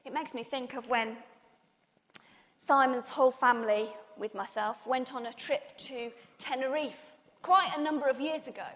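A woman preaching a sermon, telling a personal story with animated, acted-out dialogue. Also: sits high, moderate pace. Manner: animated storytelling, acting out others' lines. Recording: long reverb in a large hall.

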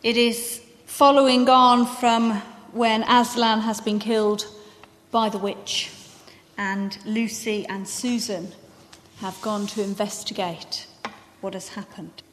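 A woman preacher giving a sermon in church, gentle and conversational, her voice softening at the ends of phrases. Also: mid-range voice, fairly even intonation, takes it slowly, big-room sound. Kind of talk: sermon with a reading from a book.

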